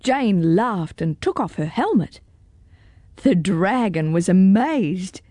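A woman reading a children's storybook aloud in an expressive, deliberate way. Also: mid-range voice, no room sound, studio quality.

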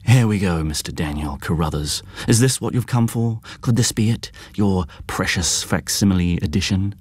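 A man voicing a brash young show-off who teases his younger brother in a hoarse, croaking, theatrical way. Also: deep voice, normal speed, a little mellow, no room sound. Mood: mocking. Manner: mocking, theatrical, crowing.

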